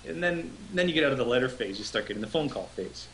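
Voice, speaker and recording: A man's voice: mid-range voice, expressive, fast, fairly bright tone, slight background noise, rough recording. A man co-hosting a casual live stream, telling a long rambling story and swearing freely. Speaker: co-host.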